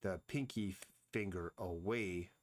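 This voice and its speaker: Brief: low-pitched man, drawing on a live stream, slow and musing, talks to himself as he works. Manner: slow, thinking aloud, mumbling to himself. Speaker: comic artist streaming his drawing. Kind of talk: casual live-stream narration while drawing.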